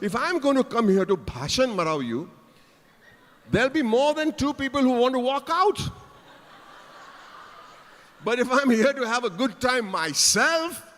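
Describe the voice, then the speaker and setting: High-voiced teasing keynote speaker. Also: male voice, fairly bright tone. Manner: playful, teasing the audience. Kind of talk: conference keynote speech. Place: large conference hall stage. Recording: reverberant conference hall.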